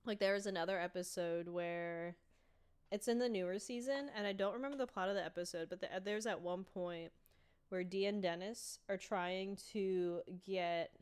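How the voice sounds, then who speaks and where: Animated woman recapping a sitcom. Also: fairly low pitch, moderate pace, clear, resonant tone. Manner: animated storytelling, acting out quoted lines with filler "like". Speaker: podcast co-host. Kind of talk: casual chat recapping a sitcom.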